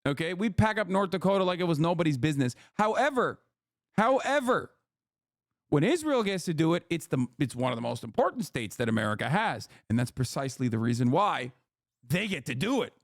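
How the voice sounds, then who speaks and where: A man's voice: on the high side, sing-song, quick pace, few pauses, no echo, studio quality. A man in his thirties ranting in casual livestream commentary, heated, profane and incredulous as he reads and answers chat. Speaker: political streamer.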